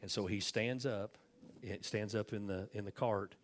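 Older guy preaching, folksy storyteller, kinda low voice, does the voices in his stories. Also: fairly even intonation, moderate pace, slight background noise. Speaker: pastor. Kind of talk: sermon closing with prayer. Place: church sanctuary.

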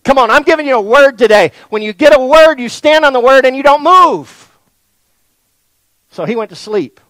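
A man preaching a sermon to a congregation, folksy and animated, swinging from near-shouts down to soft, low lines. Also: normal speed, dry recording, poor audio. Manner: folksy, addresses the congregation directly. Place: church in front of a congregation.

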